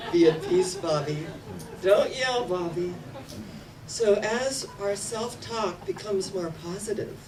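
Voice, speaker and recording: A woman in her sixties, a minister, preaching a sermon from a platform, emphatic and repeating words for effect. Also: medium pitch. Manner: emphatic, repeating words with rising and falling intensity. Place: church platform. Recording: distant mic with faint room noise.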